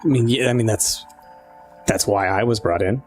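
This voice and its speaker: A man running a tabletop game and talking in character, halting and full of fillers. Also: on the low side, faint music behind. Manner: hesitant, filler-heavy, halting speech. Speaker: game master. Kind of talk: tabletop role-play.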